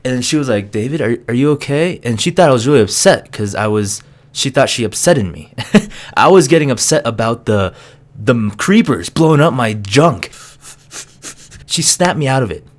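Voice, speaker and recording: A man's voice: medium pitch, moderate pace. A young man, a college student, casually telling a funny story to camera, laughing and acting out voices. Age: young adult. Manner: animated, laughing, acts out voices. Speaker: vlogger.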